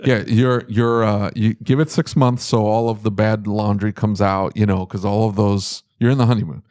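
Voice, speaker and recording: Low-voiced guy hosting a podcast, teasing and blunt, dry close mic. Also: steady tone, normal speed, a little mellow, no room sound. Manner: teasing, blunt advice-giving. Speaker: podcast host. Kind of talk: casual podcast chat.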